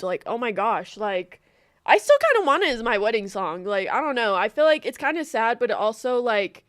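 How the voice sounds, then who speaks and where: A woman's voice: a little high, no room sound, studio quality. A young American woman giving casual, emotional reaction commentary as a streamer. She rambles and says "like" constantly. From United States. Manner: emotional, rambling, heavy use of "like".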